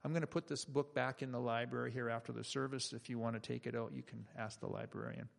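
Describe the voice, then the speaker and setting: Earnest pastor with a gravelly voice. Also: male voice, medium pitch, steady tone, long reverb tail. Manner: earnest, slows for quoted passages. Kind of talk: sermon with read-aloud story. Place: church.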